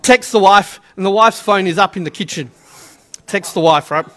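Bright, high-voiced preacher. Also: male voice, normal speed. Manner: chatty, storytelling, acts out quotes. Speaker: pastor. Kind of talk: sermon.

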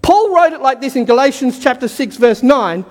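A man preaching a sermon with fervour, repeating key lines and building to shouts, his voice going hoarse. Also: very high-pitched, animated, normal speed, long reverb tail.

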